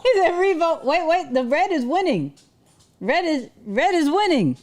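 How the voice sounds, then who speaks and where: A woman's voice: high-pitched, very animated, normal speed, a little mellow. Chatty woman hosting a home livestream. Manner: chatty, laughs often, talks to her dog and viewers. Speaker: livestream host. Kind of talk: casual livestream chat. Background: dog.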